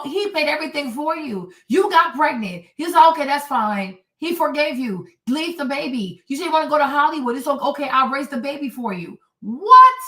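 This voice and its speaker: A woman's voice: high-pitched, a bit bright. Woman, commentary host, indignant, mocking, echoey room. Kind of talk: reaction commentary on clips. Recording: echoey room, distant mic.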